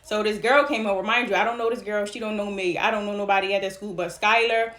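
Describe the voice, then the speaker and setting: A woman casually telling a personal story, chatty and animated, acting out what people said. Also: medium pitch, quick pace, echoey room. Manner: animated, acts out dialogue in the story; chatty, frequent fillers like "like" and "you know". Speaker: storytime vlogger.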